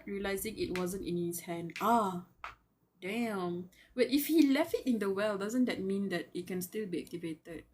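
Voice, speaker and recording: A woman with a medium-pitched voice reads a web novel aloud live, over a faint hiss or hum. She keeps stopping to gush like a fangirl, squealing and laughing at the characters, musing aloud and even addressing them directly.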